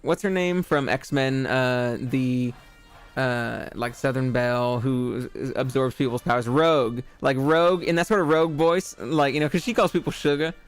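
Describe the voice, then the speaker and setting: A man's voice: mid-range voice, normal speed. A man streaming a video game, chatting casually in a rambling, goofy way, with plenty of fillers. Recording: faint game music behind.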